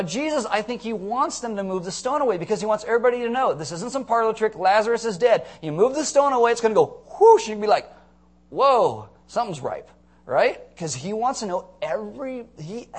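A young man preaching a sermon, animated and joking as he tells the story, with sudden loud shouts. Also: sits high. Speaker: pastor.

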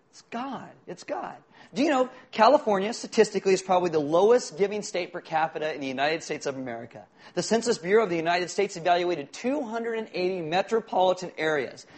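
A man's voice: high-pitched, fast talker, hardly any pauses. A middle-aged male pastor giving a sermon in a conversational, joking way, asking the congregation questions. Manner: conversational, jokey preaching with audience questions.

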